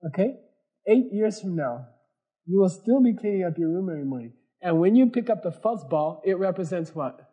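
A man's voice: sits high, expressive, fairly quick, mellow, slightly rough. A man giving a Buddhist teaching to a class, explaining earnestly with everyday examples and often checking in with questions like "okay?". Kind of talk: dharma lecture to a class.

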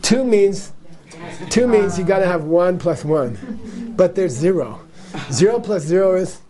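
A man's voice: high-pitched, animated, a little slow, mellow. A man teaching Buddhist ideas to a live audience in a playful, repetitive way, acting out little dialogues and laughing as he goes.

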